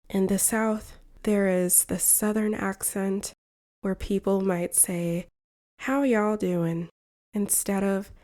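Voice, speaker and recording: A woman from the United States narrating a slow, scripted English lesson for beginners in a clear, careful way. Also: medium pitch, warm tone. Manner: clear, careful and evenly paced. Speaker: English teacher.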